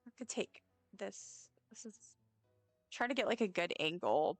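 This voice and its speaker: A woman's voice: mid-range voice, expressive, normal speed, fairly bright tone, no room sound, faint music behind. A woman streaming a game, chatting casually and rambling with lots of fillers. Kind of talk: casual gameplay chat.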